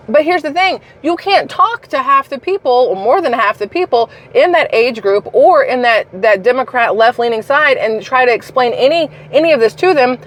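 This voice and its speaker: Heated, profane woman ranting. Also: a little high. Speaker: political commentary vlogger. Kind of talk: ranting political commentary.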